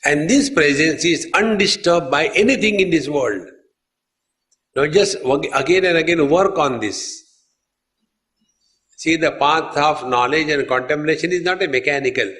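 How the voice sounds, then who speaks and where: A man's voice: on the high side, measured pace, a bit bright. A man, a swami giving a spiritual discourse, telling stories unhurriedly and addressing his listeners as friends. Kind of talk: sermon on scripture.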